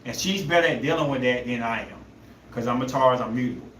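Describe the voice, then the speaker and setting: A man's voice: mid-range voice, quick pace, fairly bright tone, echoey room, slight background noise. A young man hosting a podcast, telling a story in a loose, rambling way and searching for words. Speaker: podcast host. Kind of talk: casual storytelling chat.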